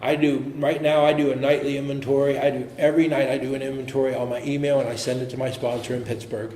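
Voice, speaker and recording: A man speaking as an AA speaker, telling his personal recovery story in an earnest, halting way with frequent restarts. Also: medium pitch, flat delivery, darkish tone. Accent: American. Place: meeting hall. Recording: echoey room with faint noise.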